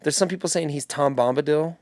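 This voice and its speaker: A man's voice: a little high, fairly quick, a little mellow, no room sound, clean studio sound. A man co-hosting a podcast, chatting loosely about a fantasy series, rambling and swearing casually. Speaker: podcast co-host.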